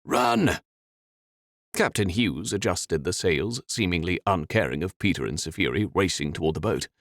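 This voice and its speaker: Male narrator, very deep, animated delivery, dramatic fantasy reading. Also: moderate pace, dry recording, studio quality. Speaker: audiobook narrator.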